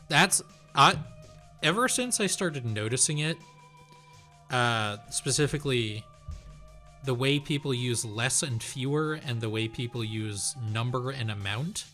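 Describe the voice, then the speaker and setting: A man's voice: medium pitch, lively intonation, a little slow, bright, forceful tone, faint music behind. A man streaming a video game, chatting casually about it with a lot of rambling. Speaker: let's play streamer. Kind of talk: casual chat over gameplay.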